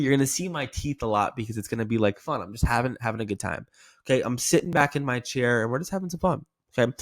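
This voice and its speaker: A man teaching insurance sales in an energetic coaching style, checking in with "okay" as he goes. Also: mid-range voice, no echo, studio quality. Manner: energetic, repeating "okay" often. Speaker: sales trainer. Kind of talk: coaching lesson to camera.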